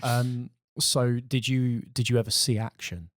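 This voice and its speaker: A man's voice: mid-range voice, flat delivery, dry recording, studio quality. A man hosting a comedy podcast, asking questions in casual chat. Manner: quick, hesitant questions with fillers. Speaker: podcast host.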